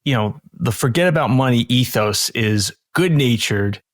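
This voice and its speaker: A man's voice: mid-range voice, animated, normal speed, no echo, clean studio sound. A man co-hosting a podcast in a casual chat, thinking aloud with lots of fillers. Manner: thinking aloud, frequent "you know" and "like". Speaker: podcast co-host.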